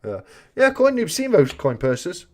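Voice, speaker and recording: A man's voice: high voice, wildly swooping pitch, measured pace. A man hosting a casual live chat, joking and reading out viewer comments. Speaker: host of a coin-collecting live chat.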